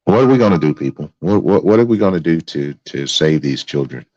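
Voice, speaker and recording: A man's voice: a bass voice, lively intonation, brisk, darkish tone, no room sound. A male host giving angry, profane live-stream commentary, repeating himself as he vents. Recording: dry, dull lo-fi sound.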